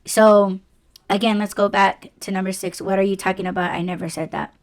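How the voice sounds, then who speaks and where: A woman's voice: medium pitch, fairly even intonation, a little fast. A woman hosting a solo podcast, talking bluntly and casually, swearing freely and using lots of fillers. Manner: conversational, with fillers like "like" and "you know". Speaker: podcast host.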